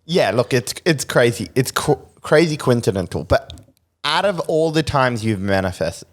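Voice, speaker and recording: A man's voice: medium pitch, sing-song, moderate pace. An Australian man co-hosting a podcast in casual chat, blunt and opinionated, hedging before he argues. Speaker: podcast co-host.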